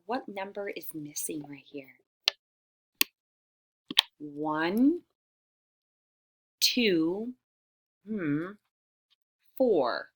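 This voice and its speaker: A woman teacher leading a reading lesson for young children, stretching her words clearly and often dropping to a whisper. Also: medium pitch, background noise. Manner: slow, drawn-out, over-enunciated words.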